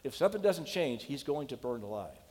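A man's voice: mid-range voice, very animated, a little fast, darkish tone. Emphatic male preacher in a reverberant hall. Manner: emphatic, questioning, storytelling. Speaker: pastor. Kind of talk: sermon.

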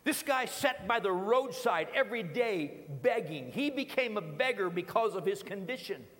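A man preaching a sermon in a church, dramatic with repeated phrases and sudden hushed drops. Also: sits high, expressive, normal speed, long reverb tail. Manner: dramatic, rhythmic repetition, sudden drops to quiet. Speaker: pastor. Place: church sanctuary.

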